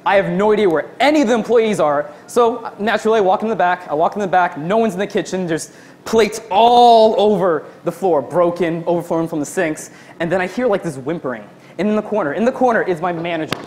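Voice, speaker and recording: A man's voice: high-pitched, animated, brisk, a little mellow. Young man telling a stand-up story. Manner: storytelling, acts out quotes in his own voice. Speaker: stand-up comedian. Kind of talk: stand-up comedy routine.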